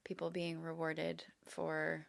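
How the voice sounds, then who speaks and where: A woman with a very low voice and a strong gravelly fry talks thoughtfully and openly as a guest. Her tone stays unhurried and sincere. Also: monotone. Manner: reflective, candid. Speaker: podcast guest, educator. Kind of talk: casual conversation.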